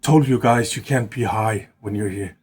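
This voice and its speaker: A man's voice: lowish voice, moderate pace, darkish tone, slightly rough. A man voicing an irate father who scolds two stoned young men in an improvised spoken story. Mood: angry. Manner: angry, exasperated scolding.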